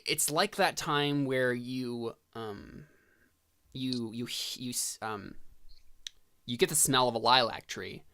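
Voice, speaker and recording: Halting, relaxed male game master. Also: medium pitch. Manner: relaxed, halting narration with many fillers. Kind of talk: narrating a tabletop game.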